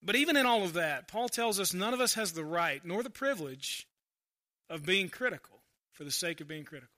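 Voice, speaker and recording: High, piercing-voiced male pastor preaching. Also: animated, brisk. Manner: conversational preaching, swinging between loud emphasis and quiet asides. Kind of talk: sermon.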